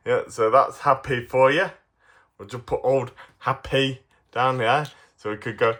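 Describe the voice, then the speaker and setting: A man's voice: mid-range voice, steady tone, normal speed, pushed and bright. A man reviewing toy figures in a casual, playful way, giggling often.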